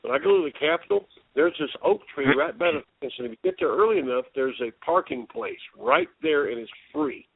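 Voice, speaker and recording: Caller, man, lively storyteller who does the voices, somewhat high voice, dry tinny phone line. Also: fairly quick, gravelly, hardly any pauses, slightly rough, no room sound. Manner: animated storyteller, acts out quoted voices, laughs often. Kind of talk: casual phone chat retelling a book.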